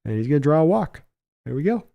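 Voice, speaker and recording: A man hosting a live stream reaction to a baseball game. He calls the plays with excitement and chats casually while reading messages from his viewers. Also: on the high side, fast talker, creaky, muffled recording. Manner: excitable home run calls, chatty while reading chat. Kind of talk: casual live play-by-play and chat.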